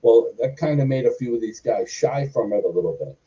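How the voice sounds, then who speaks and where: Dark-voiced storyteller. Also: male voice, medium pitch, expressive, fairly quick. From Boston, US. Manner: goes off on tangents, acts out quoted dialogue. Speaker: guest, former wrestler and stuntman. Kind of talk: rambling anecdotal storytelling. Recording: distant, muffled audio.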